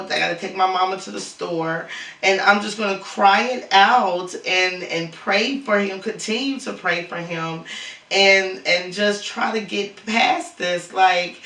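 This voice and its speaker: Grieving man, gravelly high voice in a roomy echo. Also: pushed and bright. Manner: halting, stammering, repeats words. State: grieving, cried out. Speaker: lifestyle vlogger. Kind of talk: emotional vlog monologue. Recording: roomy echo, far from mic.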